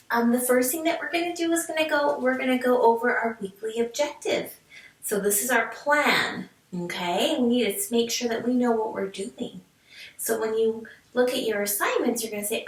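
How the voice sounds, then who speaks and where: Animated woman teaching phonics in an echoey room. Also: a little high. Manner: slow, clear, sounding words out syllable by syllable; cheerful and encouraging, speaking to young learners. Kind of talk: recorded remote reading lesson for children. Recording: echoey room, mic at a distance.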